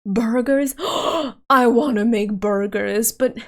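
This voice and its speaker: Woman streamer, high voice and unhurried delivery, giggly, rambling, tired and worn out. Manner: giggly and rambling, with many restarts. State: tired, voice wearing out. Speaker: VTuber streamer. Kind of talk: casual live-stream chat.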